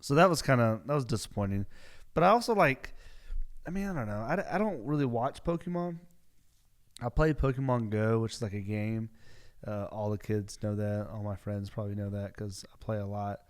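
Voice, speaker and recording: A man's voice: on the low side, moderate pace. Rambling young man hosting a podcast. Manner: rambling, self-correcting, many filler words. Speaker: podcast host. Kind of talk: casual solo podcast chat.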